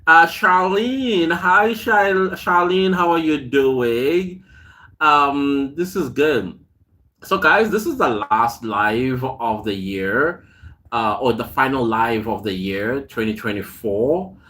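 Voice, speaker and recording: A man's voice: medium pitch, expressive, slow pace, bright, forceful tone. A man hosting a casual live stream, greeting viewers by name, reading their comments aloud and telling chatty stories with frequent laughs. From South Africa. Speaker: host.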